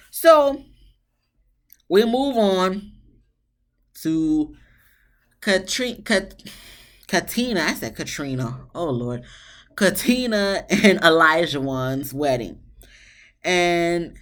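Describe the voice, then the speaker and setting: Blunt, sassy woman reviewing a show. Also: low voice. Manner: blunt, animated, sassy with swearing and asides. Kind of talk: casual review monologue.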